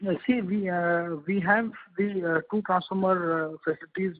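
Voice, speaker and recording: Plant executive: man, Indian English, high pitch, short deferential replies, tinny phone audio. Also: steady tone, moderate pace, hardly any pauses. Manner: brief, polite, deferential. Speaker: company executive.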